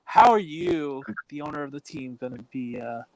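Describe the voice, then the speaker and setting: A man's voice: mid-range voice, moderate pace, darkish tone, no echo. A man co-hosting a podcast, asking long rambling sports questions in casual chat. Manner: mock interviewer, rambling questions. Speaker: podcast co-host.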